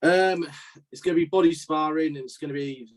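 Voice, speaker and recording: A man's voice: fairly high pitch, brisk. A young man from southern England, laid-back and sweary, laughing through casual banter with a friend. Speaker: co-host, amateur boxer.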